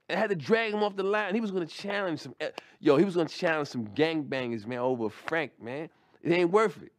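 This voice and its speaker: A man's voice: fairly high pitch, expressive, a little fast. A middle-aged man doing stand-up, telling a story in a loose, conversational way with slang and restarts. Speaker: stand-up comedian.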